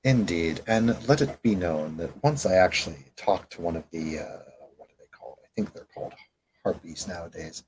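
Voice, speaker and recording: A man doing a deep-voiced, self-assured male vampire fixer with an old-fashioned courtesy, every word weighed and measured. The role-play voice sits low and carries a faint hiss of background noise. It is a tabletop game character, polite and quietly confident. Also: low-quality recording. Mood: courtly.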